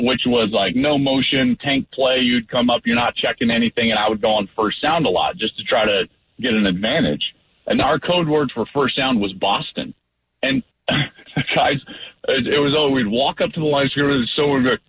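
Animated ex-quarterback man on radio. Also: mid-range voice, husky, highs cut off. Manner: lively, acts out line calls loudly. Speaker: guest, former quarterback. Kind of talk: animated sports talk.

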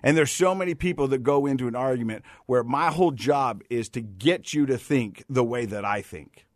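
A man's voice: medium pitch, moderate pace, no echo. Middle-aged male podcast co-host, chatty storyteller, dry close sound. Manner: storytelling, warm-hearted, says "you know" a lot. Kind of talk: casual chat.

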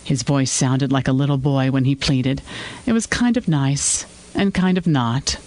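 A man reading scripted fiction narration in an even, measured way. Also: mid-range voice, no echo, low-quality recording.

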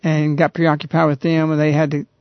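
A man hosting a radio talk show, earnestly retelling a story in a halting, conversational way. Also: a little high, monotone, dry recording. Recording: dull, lo-fi radio recording.

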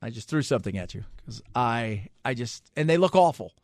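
A man hosting a talk radio show, chatting casually, animated and jokey, repeating himself for emphasis. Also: mid-range voice, brisk, dry recording.

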